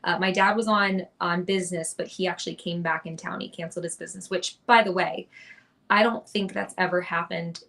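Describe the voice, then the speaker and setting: A woman's voice: on the low side, steady tone, brisk, creaky, fairly bright tone. A young woman, a podcast guest, telling her story in an earnest, chatty way with lots of restarts. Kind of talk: casual interview storytelling.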